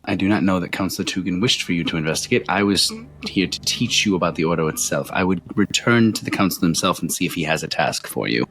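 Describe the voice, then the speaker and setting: A man's voice: deep voice, fast, fairly bright tone. A man voicing a polite, awkward noble scholar at a dinner, hesitant and overly courteous.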